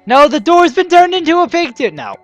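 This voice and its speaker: High, lively young woman gaming host. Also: brisk. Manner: chatty, stumbling restarts, excitable. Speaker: let's play host. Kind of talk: casual gameplay commentary. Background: faint game music.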